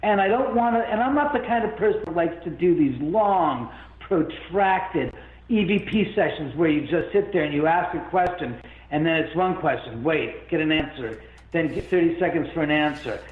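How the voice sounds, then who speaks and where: A man telling a long story as an interview guest, rambling and animated, with many restarts. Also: a little high, moderate pace. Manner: rambling, animated, full of restarts and self-quotes. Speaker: guest, haunted-house owner. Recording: phone-like line in an echoey room.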